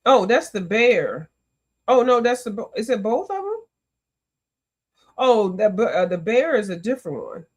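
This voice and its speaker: A woman's voice: fairly high pitch, unhurried, long pauses. Chatty woman hosting a coloring stream. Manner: chatty and animated, greets viewers, often exclaims. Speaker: coloring livestream host. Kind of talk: casual livestream chat.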